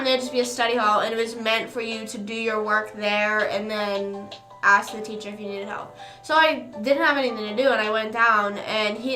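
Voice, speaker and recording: A young woman streamer chatting casually, rambling through a story with quick asides. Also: a little high, bright, forceful tone. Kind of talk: casual chat. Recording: echoey room with faint music.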